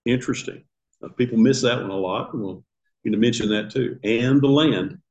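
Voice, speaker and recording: A man's voice: medium pitch, moderate pace, darkish tone, highs cut off. Older man teaching a Bible class. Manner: conversational, asks the class questions, chuckles at his own asides. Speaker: Sunday school teacher. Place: church classroom.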